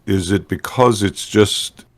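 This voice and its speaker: A man joining a software tutorial, asking questions and giving short replies. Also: fairly low pitch, slow pace. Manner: brief affirmations, questioning. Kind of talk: casual tutorial chat.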